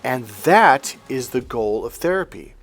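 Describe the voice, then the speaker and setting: A man speaking as a life coach, telling a client story in a lively way and acting out both voices in the exchange. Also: medium pitch, measured pace, soft background music. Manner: animated storyteller, acts out both sides of dialogue. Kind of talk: coaching monologue with anecdote.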